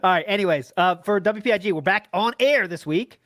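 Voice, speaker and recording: A man hosting a casual podcast, laid-back and quick to laugh, cursing casually as he chats. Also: sits high, a bit bright, no room sound, clean studio sound. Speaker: podcast host.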